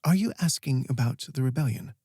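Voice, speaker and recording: A man's voice: mid-range voice, lively intonation, a little fast, dark tone, husky, dry recording, studio quality. A male audiobook narrator voicing a stern, formal female guardian who speaks firmly. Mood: measured. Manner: firm and formal. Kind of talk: audiobook character voice.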